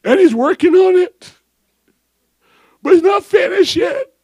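A preacher playing a soothing older pastor. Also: male voice, very high-pitched, animated, measured pace, dry recording, clean studio sound, pitched above the performer's own voice, heavily acted. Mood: gentle. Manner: soft, soothing, gently amused. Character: calm, patient male pastor consoling a girl.

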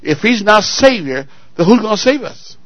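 High, lively, bright-voiced preacher man. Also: normal speed, no echo, muffled recording. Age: adult, married. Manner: emphatic, call-and-response questions to the congregation; swings between loud exclamations and soft asides. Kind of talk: sermon.

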